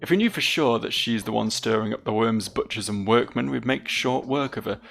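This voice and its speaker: A man's voice: mid-range voice, fairly quick, vocal fry, fairly bright tone. Man reading a brooding, suspicious young nobleman.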